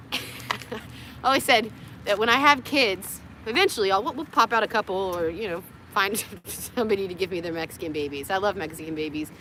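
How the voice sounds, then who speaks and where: A woman's voice: medium pitch, pushed and bright, slight background noise. A tired young woman rambling through a livestream from her parked car, joking crudely, laughing often and cooing at her dogs. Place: parked car in a parking lot.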